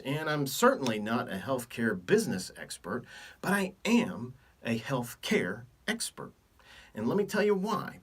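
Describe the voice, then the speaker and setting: A middle-aged physician from Texas talks to camera without a script, dropping wry jokes between his points. His pitch swings up and down, and his voice sits a little back from the microphone. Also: fairly bright tone, husky, far from the mic. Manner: joking, wry asides. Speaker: physician hosting a video series. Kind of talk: unscripted talk to camera.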